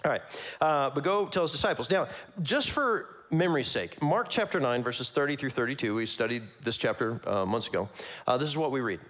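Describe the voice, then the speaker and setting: A man preaching a conversational sermon, casual and animated, with slangy asides and frequent laughs. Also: mid-range voice, brisk. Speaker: pastor.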